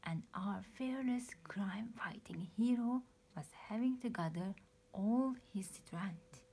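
A woman teacher reading a children's picture book aloud, often in a soft, near-whispered narrating voice. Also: medium pitch, slow, slightly rough. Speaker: preschool teacher.

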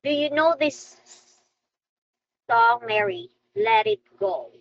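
High-pitched slow sing-song woman teacher. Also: sing-song, creaky, no room sound, dull audio. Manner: slow, sing-song, cheerful coaxing of a young pupil. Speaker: online English teacher. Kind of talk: online children's lesson.

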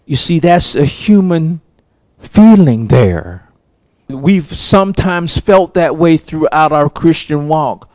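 Slow, emphatic male preacher. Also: on the high side, lively intonation, a little mellow, dry recording. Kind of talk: sermon teaching.

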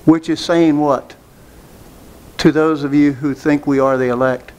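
A man's voice: fairly high pitch, fairly even intonation, a little slow, pauses often, a little mellow. A man preaching a sermon, who speaks emphatically, asks rhetorical questions and repeats phrases.

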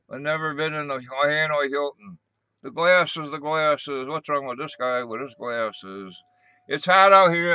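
An older man drawls slowly through a casual livestream, circling back and repeating words as he goes. His voice sits a little high and bright, clean and smooth, with a dry, close sound and a gruff, mildly cursing manner. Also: no room sound. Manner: repetitive, meandering, gruff with mild cursing. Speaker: livestream host. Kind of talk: rambling casual live chat.

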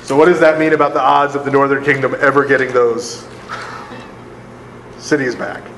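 A man's voice: medium pitch, little pitch movement, normal speed, fairly bright tone, reverberant, in a large hall, slight background noise, poor audio. A man, a priest, leading a live Bible study for a group, conversational and often laughing, checking in with his listeners. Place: large hall with a live group.

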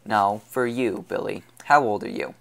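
A man reading the part of a hardened young man on the run, asking questions in a steady, measured way. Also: lowish voice, vocal fry. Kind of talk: audiobook character reading.

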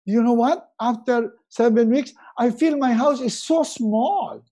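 A middle-aged man giving a motivational webinar talk, acting out quotes in a raised, animated voice. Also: very high-pitched, measured pace. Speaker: motivational speaker.

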